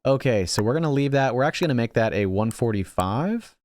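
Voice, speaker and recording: With an expressive, slightly mellow mid-range voice at a quick pace, a young gaming host commentates his own strategy match. He self-mockingly thinks aloud about his misplays, with frequent restarts. A little hiss or hum is audible.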